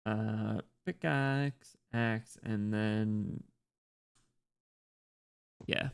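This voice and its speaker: A man with an American accent and a gravelly, creaky voice keeps up loose commentary as he plays on stream. He rambles, jokes and swears freely. His pitch sits in an ordinary middle range. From United States. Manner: rambling, joking, swears a lot. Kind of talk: casual gameplay commentary.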